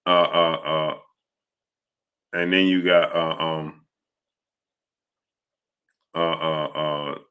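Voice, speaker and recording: A deep-voiced man, hosting a live sports show. His tone is bright and forceful. He rambles casually and greets chat viewers one by one. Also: flat delivery, very slow, pauses often, smooth. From New York. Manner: rambling, greets chat viewers by name, many filler sounds.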